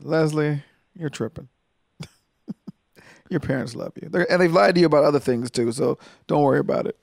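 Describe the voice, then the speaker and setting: A man co-hosting a casual comedy podcast, chiming in with quick wry remarks. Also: fairly high pitch, gravelly, darkish tone, no echo, clean studio sound. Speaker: podcast co-host.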